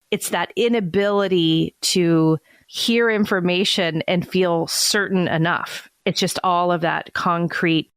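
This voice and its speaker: A woman co-hosting a podcast, asking questions and sharing stories from her own work. Her voice is fairly low with a gravelly fry. The sound is dry and close. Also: fairly even intonation, unhurried, no echo. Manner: conversational, asks questions and shares anecdotes. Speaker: podcast co-host, travel advisor. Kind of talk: casual podcast chat.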